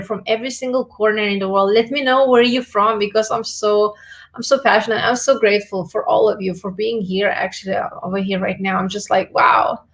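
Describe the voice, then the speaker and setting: On a relaxed livestream, a woman who makes beauty and health videos reads comments from her viewers. Her medium-pitched voice has a creaky quality, and her manner is warm, gushing, and affectionate.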